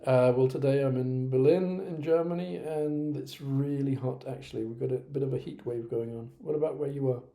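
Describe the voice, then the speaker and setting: A man presenting a software tutorial to teachers, talking casually with frequent hesitations. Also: medium pitch, brisk, few pauses. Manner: relaxed, hesitant, many ums. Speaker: teacher-trainer presenting a platform. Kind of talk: casual screen-recorded tutorial.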